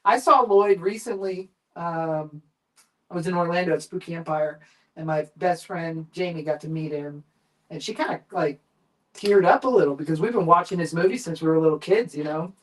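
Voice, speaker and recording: A man guesting on a live chat show, telling long, animated and profane anecdotes about film work. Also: on the high side, normal speed, distant mic, low-quality recording. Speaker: guest, makeup effects artist and director.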